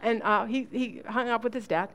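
A woman teaching other women in a sermon, telling a family story earnestly, with halting restarts. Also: a little high, fairly even intonation, fairly bright tone. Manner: earnest storytelling, acts out quoted voices.

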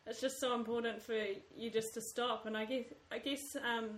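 A woman's voice: on the high side, level tone, normal speed, a bit bright. A woman in casual chat, thoughtful and a little hesitant as she searches for words. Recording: echoey room.

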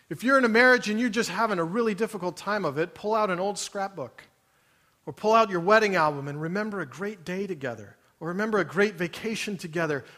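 A man's voice: high-pitched, bright, forceful tone. A man preaching a sermon to his congregation. He asks many emphatic rhetorical questions. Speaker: pastor. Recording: long reverb of a large hall.

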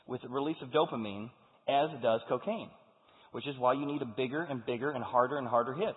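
A man preaching a sermon to a congregation, talking in an animated way and acting out the voices of the people he quotes. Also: medium pitch. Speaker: pastor. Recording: phone-like sound with long hall reverb.

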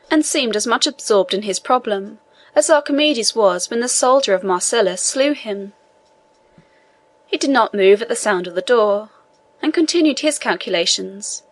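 A woman reading a classic novel aloud as an audiobook narrator, steady and even. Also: mid-range voice. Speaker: audiobook reader. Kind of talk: scripted narration.

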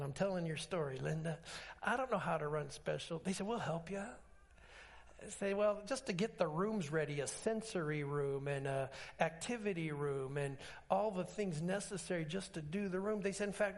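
A man pastor preaching a sermon, telling stories with acted-out dialogue and emphatic swings in pitch. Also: normal speed. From Alaska.

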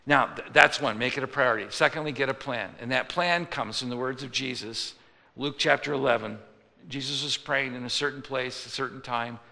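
A man's voice: mid-range voice, brisk, vocal fry, sharp tone. A male pastor preaching a sermon in a conversational style, acting out the voices of people he quotes. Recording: long hall reverb.

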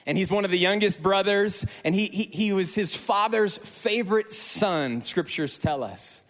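Emotional, high-voiced male preacher. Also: measured pace, big-room sound. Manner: emotional, animated storytelling. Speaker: pastor. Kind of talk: sermon.

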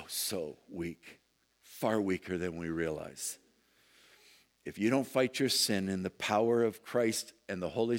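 A man preaching a sermon, moving from low, intense delivery to loud impassioned emphasis. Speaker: pastor.

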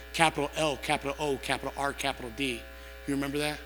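A male preacher with a bright, forceful voice that rings through a large hall. He reads scripture, then rises into impassioned appeals to the congregation. Soft music plays faintly under his words. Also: mid-range voice, steady tone, fast talker. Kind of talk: sermon.

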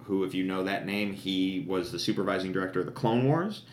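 A man's voice: deep voice, brisk, reverberant. A man co-hosting a podcast, chatting casually and enthusiastically, rambling with lots of fillers. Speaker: podcast co-host. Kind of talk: casual chat.

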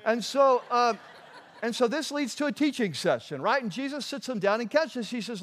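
A man's voice: very high voice, animated, normal speed, fairly bright tone. A man preaching a sermon in a conversational way, with frequent restarts and asides to the congregation. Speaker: pastor.

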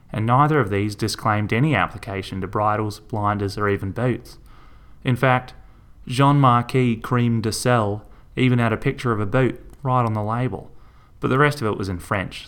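Brief: male storyteller, lowish voice, dry and steady. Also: clean tone. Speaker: narrator.

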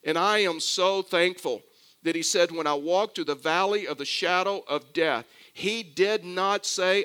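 An older man preaching a sermon, mixing scripture with a lively family story and conversational asides. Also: high-pitched, unhurried, smooth. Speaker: pastor.

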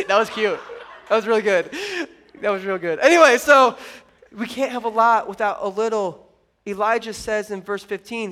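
A young man preaches a sermon with an animated, playful delivery, slipping into little acted-out voices and jokes. His voice sits notably high for a man. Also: brisk. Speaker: pastor.

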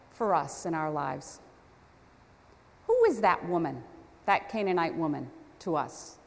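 A woman preaching a storytelling sermon, talking conversationally with self-deprecating asides. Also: fairly low pitch. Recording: long hall reverb.

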